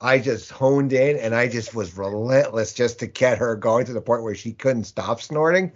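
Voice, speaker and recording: A man's voice: mid-range voice, moderate pace, lo-fi sound. A man co-hosting a podcast, telling rambling anecdotes in casual chat and repeating words as he searches for them. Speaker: podcast co-host.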